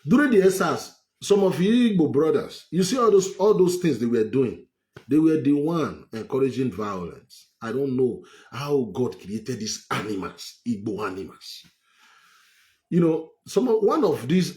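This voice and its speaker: Heated Nigerian man, lively pitch. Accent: Nigerian, with Pidgin phrases. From Edo State, Nigeria. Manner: heated, emphatic, repetitive. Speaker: vlogger. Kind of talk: political rant to camera.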